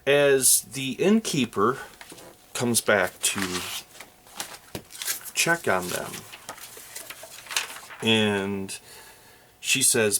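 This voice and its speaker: A man's voice: mid-range voice, animated, drawn-out words, long pauses, pushed and bright. A man narrating a solo tabletop role-playing game, speaking hesitantly with many ums and uhs.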